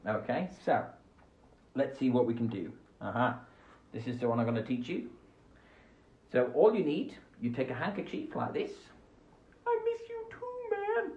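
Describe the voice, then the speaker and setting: A man's voice: mid-range voice, normal speed, long pauses. Silly kids' show guy, bouncy up and down voice, echoey dull home recording. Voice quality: playful, silly, goofy. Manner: animated, jumps between voices and asides. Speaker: children's radio host. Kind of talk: live-streamed kids' show. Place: at home beside a window. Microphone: phone camera.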